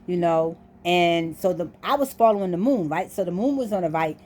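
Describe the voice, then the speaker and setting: A woman's voice: fairly low pitch, animated, a little fast, darkish tone, slight background noise. A woman casually telling a story to her viewers, acting out what the people in it said. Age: adult. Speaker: vlogger.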